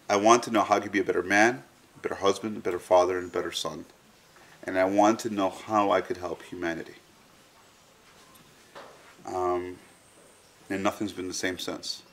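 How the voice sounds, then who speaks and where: A man in an interview recounts a personal experience frankly and vividly, swearing freely as he tells it. His voice is lowish, with a little hiss or hum in the recording.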